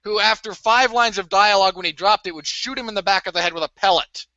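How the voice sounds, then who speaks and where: A male podcast co-host ranting sarcastically about a film in casual chat. His voice is very bright and tense, a little higher than most men's, and the recording is dry and muffled. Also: fast, no echo. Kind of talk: casual movie review chat. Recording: dull lo-fi dry audio.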